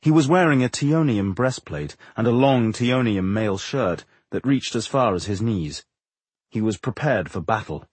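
Male audiobook narrator, husky, expressive. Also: fairly low pitch, no echo. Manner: expressive, measured storytelling. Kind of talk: scripted fantasy narration.

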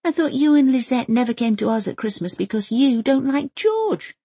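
A stubborn, inquisitive young girl, as an audiobook narrator puts her on, pressing her questions with pointed persistence. The voice sits higher than the narrator's own and has a husky edge, recorded close and dry. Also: expressive, moderate pace, mellow, no room sound, heavily acted. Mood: probing. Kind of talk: audiobook character voice.

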